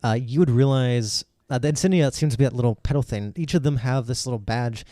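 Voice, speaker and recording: A man's voice: mid-range voice, fairly quick, mellow, no room sound, studio quality. A man narrating a tabletop game as game master, rambling with lots of fillers and restarts.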